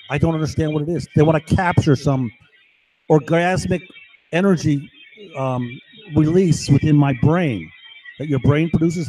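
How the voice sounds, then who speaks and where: A man's voice: on the high side, darkish tone, slight background noise, low-quality recording. A man talking in an agitated, rambling monologue while recording himself at his computer, again and again asking his listener "right?". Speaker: video blogger.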